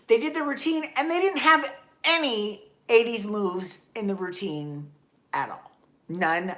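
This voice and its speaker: A woman's voice: mid-range voice, a bit bright, roomy sound. A woman hosting a podcast, recapping a dance show in a rambling, exasperated, profane rant, her throat dry and coughing. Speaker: podcast host.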